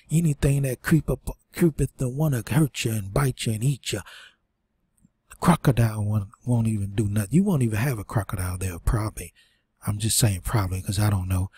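Man, informal Bible teacher reading verses, dark husky tone, a bit winded. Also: mid-range voice. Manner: reads scripture aloud with fillers and restarts, preaching asides. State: short of breath. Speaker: preacher.

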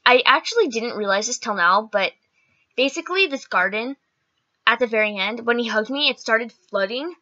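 Animated high-voiced woman vlogger. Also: moderate pace, muffled recording. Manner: animated, chatty, swears, many "like"s and "okay"s. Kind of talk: casual storytelling.

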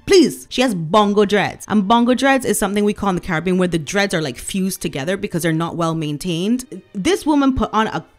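A woman's voice: mid-range voice, expressive, fairly quick, hardly any pauses, faint music behind. A woman from Barbados with a Barbadian accent, ranting in an emphatic, sarcastic, scornful way as a commentary vlogger. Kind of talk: opinion rant.

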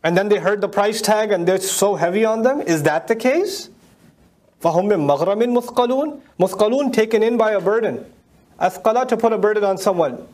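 Man, quran teacher, high voice, rapid-fire rhetorical questions, quick arabic recitation. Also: a little mellow. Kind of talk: tafsir lecture.

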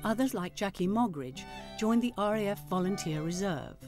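A woman narrating a documentary in a measured, scripted delivery. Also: medium pitch, over music.

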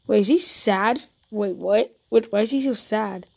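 A woman's voice: medium pitch, a little slow, vocal fry, a little mellow, husky. A woman doing live gameplay commentary as a YouTuber, jumpy and talking to her viewers, often repeating panicked no's. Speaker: YouTuber playing a roleplay game.

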